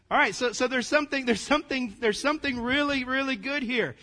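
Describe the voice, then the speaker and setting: High-voiced folksy preacher man. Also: brisk, few pauses. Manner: folksy, calls the congregation "gang", asides to the room; swings between loud emphasis and quiet asides. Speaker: pastor. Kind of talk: casual conversational sermon.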